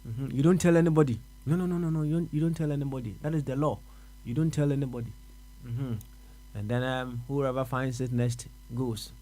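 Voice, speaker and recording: A man's voice: medium pitch, steady tone, fairly quick, dark tone. Musing Ghanaian man on radio. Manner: musing, repeats words, answers himself with uh-huh. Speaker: radio host. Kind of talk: reflective radio talk.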